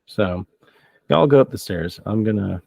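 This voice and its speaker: A man's voice: lowish voice, lively intonation, unhurried, gravelly, darkish tone, no echo. A man running a tabletop role-playing game as game master, casual and joking, laughing often and swearing now and then.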